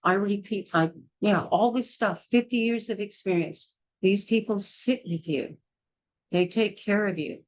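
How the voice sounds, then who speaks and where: An older woman, a midwife, gives a blunt and forceful childbirth class lecture, scolding and repeating herself. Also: mid-range voice, measured pace, low-quality recording. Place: small indoor class.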